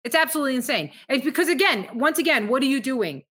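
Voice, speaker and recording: A woman's voice: high voice, expressive, fast talker, a bit bright, husky. A woman from Montenegro, a comedian guest, telling stories earnestly and emphatically in casual podcast chat.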